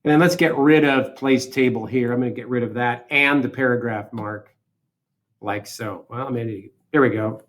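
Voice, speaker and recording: A man teaching a software lesson, talking through each step aloud in a casual way and correcting himself as he goes. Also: mid-range voice, moderate pace. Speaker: instructor. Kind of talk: screen-recorded software tutorial.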